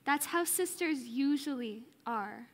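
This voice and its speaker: A woman's voice: high voice, animated, slow pace, long reverb tail, exaggerated voice. A teenage girl playing an anxious, sensible orphan girl on a church stage. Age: teens. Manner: anxious and resigned. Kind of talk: live stage acting.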